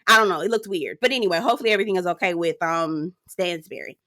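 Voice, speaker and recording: Sassy bright-voiced woman recapping reality TV. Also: lowish voice, fast. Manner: sassy, slangy, keeps calling listeners girl and child; animated storyteller who laughs often. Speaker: reality TV reviewer. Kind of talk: casual gossipy recap commentary.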